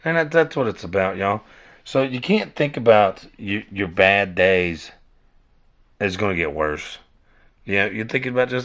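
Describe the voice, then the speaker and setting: A man rambles through a casual monologue in a fairly low voice. He curses freely, trips over restarts and calls his listeners y'all. The recording sounds dull and lo-fi. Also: animated, normal speed, a bit bright. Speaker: podcast host.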